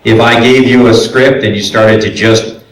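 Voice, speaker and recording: A Brooklyn, New York man teaches voice acting on a convention panel, chatty and explanatory, with lots of fillers. His medium-pitched voice is steady at a normal speed, heard from far off in a large, echoey convention room.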